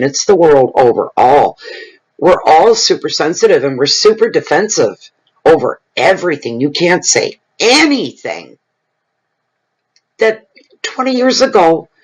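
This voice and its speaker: A man's voice: on the high side, breathy edge, low-quality recording. A middle-aged man giving a general tarot reading to camera, talking frankly and bluntly in a loose, conversational way. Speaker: tarot reader.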